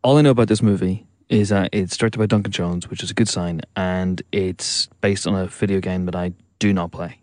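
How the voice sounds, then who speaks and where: A man's voice: low-pitched, steady tone, fairly quick, hardly any pauses, darkish tone, no room sound. A man hosting a casual podcast interview, asking wry, teasing questions. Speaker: podcast host.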